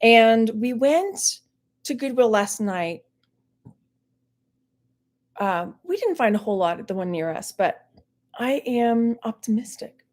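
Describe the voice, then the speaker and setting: A woman's voice: on the high side, animated, takes it slowly, long pauses, darkish tone. A middle-aged woman from Texas rambling casually on her livestream, laughing often, her mouth dry. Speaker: online reseller hosting a livestream.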